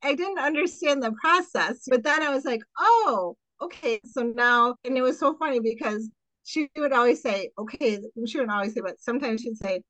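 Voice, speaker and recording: A middle-aged woman, an occupational therapist, telling her story in a casual podcast interview, animated and full of fillers and quoted voices. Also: on the high side, a little fast, no echo, rough recording.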